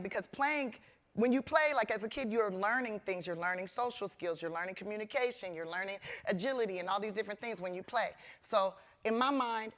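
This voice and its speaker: A woman comedian speaking as a guest in an onstage conversation, animated and earnest, at times emotional. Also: mid-range voice. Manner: animated, acts out voices in quotes. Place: conference stage.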